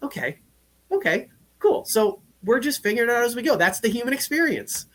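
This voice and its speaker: Earnest man who keeps asking "right?". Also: quick pace. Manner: earnest, says "right?" again and again; gets loud and high when excited. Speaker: podcast guest, life coach. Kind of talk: casual conversational talk.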